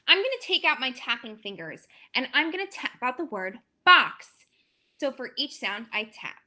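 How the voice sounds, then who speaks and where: Bright-voiced woman teacher sounding out letters. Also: on the high side, sing-song, takes it slowly. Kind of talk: demo lesson walkthrough.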